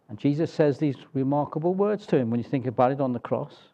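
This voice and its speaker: A man preaching a sermon in a deliberate, emphatic way, often closing points with rhetorical tag questions. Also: medium pitch, warm tone, muffled recording.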